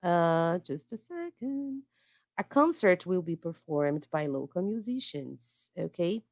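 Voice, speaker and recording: A woman teaching English, relaxed, checking in with her students. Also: lowish voice, slow pace, dry recording. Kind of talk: wrapping up a class and handing over.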